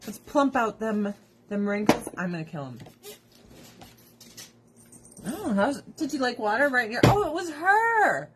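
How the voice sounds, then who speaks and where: Over background noise, a woman speaks in an animated, mid-range voice at a measured pace with long pauses. She's a direct seller of skincare products, trying them on as she rambles casually, laughing, swearing freely and offering strong opinions.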